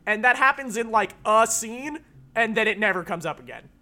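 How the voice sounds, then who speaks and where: A man's voice: high voice, lively intonation, moderate pace, sharp tone. A man co-hosting a podcast in casual chat, rambling with lots of filler words and casual swearing. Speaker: podcast co-host.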